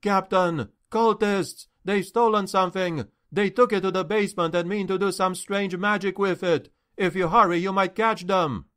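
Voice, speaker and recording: A man's voice: sits high, sing-song, fairly bright tone, voice pushed up. A man voicing a cunning rogue in an audiobook, urgently feigning alarm to fool the guards. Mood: feigned panic. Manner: sly, quick-witted. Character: cunning male rogue feigning injured panic.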